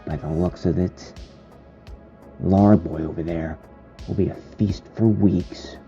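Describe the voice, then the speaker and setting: A man voicing a commanding male vampire master with a deep, demonic, crackling voice. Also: steady tone, slow pace, mellow, highs cut off, soft background music. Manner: firm and commanding.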